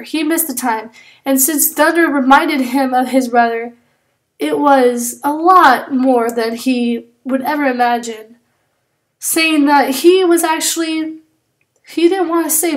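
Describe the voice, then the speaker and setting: High-voiced woman telling a story while drawing. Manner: rambling, frequent fillers and self-corrections. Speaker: drawing channel creator.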